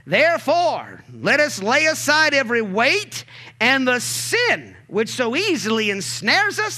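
A man preaching a sermon as pastor, calling out to the congregation and building to emphatic shouts. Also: very high voice. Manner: call-and-response preaching, swells to emphatic shouts.

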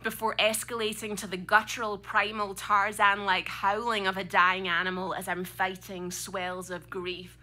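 A woman's voice: medium pitch, level tone, moderate pace, few pauses, bright, forceful tone. A Scottish woman around thirty performing a personal story live on a club stage, with a vivid, comic, dramatic delivery. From Scotland.

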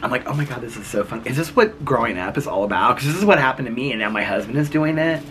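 A man's voice: mid-range voice, animated, fast talker, fairly bright tone, a little hiss or hum. A man chatting playfully to his viewers while vlogging outdoors at home in the evening, rambling and laughing as he talks. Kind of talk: casual chat to camera.

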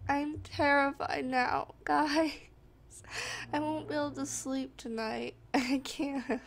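A woman's voice: sits high, fairly even intonation, takes it slowly, creaky, slight background noise. A young woman playing a horror game for her channel, jumpy and easily frightened, gasping and crying out often. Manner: jumpy, screams and gasps often. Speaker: gamer. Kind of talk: horror game let's play.

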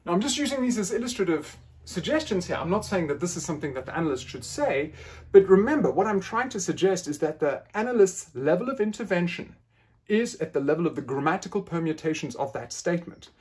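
A man's voice: high voice, big pitch swings, quick pace, a little mellow, breathy edge. A man lecturing in an academic style, playfully acting out quoted phrasings with questioning tones.

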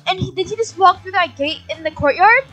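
Very high bright excitable female gamer. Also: brisk. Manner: excitable, gasps and playful mock outrage. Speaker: gaming channel host. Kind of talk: excited Let's Play commentary.

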